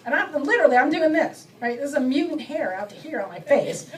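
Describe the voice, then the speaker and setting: High-voiced menopausal woman doing stand-up. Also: expressive, distant mic, rough recording. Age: middle-aged. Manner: self-mocking, acts out bits with quick voice shifts. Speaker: stand-up comedian. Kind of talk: stand-up comedy set. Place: comedy club stage before a live audience.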